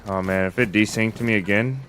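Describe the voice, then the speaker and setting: A man's voice: fairly low pitch, steady tone, a little fast, a bit bright, slight background noise. A man streaming a survival game, giving casual commentary and thinking aloud, often restarting his sentences.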